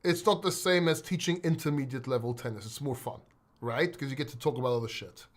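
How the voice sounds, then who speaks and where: A man's voice: mid-range voice, fast talker. A man hosting a crypto live stream, talking straight to his chat viewers in a casual, emotional way and swearing freely.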